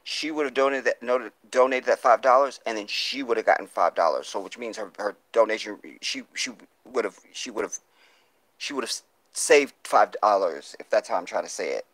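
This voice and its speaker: A man's voice: lowish voice, expressive, fairly quick, fairly bright tone, no echo. A man hosting a live stream, reading viewer comments and pleading for donations in an impassioned, profane way, on a phone mic. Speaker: livestream host.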